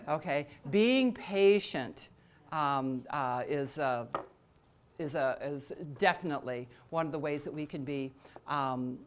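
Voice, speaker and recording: A woman's voice: low-pitched, slow pace, slight background noise. A woman leading an interactive training session, talking conversationally with many fillers and restarts, and joking with the attendees. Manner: laughs and jokes with attendees. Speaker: workshop trainer.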